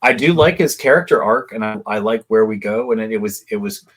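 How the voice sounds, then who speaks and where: A man's voice: lowish voice, brisk, a bit bright, husky. A man co-hosting a casual podcast discussion, talking in a reflective, chatty, storytelling way. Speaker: podcast co-host.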